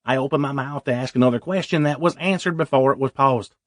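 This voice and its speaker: A man's voice: mid-range voice, fast, no echo, studio quality. A man narrating a first-person audiobook story in a wry, self-deprecating way.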